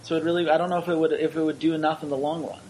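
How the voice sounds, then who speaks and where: A man co-hosting an esports podcast, chatting casually with quick, wry jokes. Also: on the high side, fairly even intonation, darkish tone, slight background noise, low-quality recording.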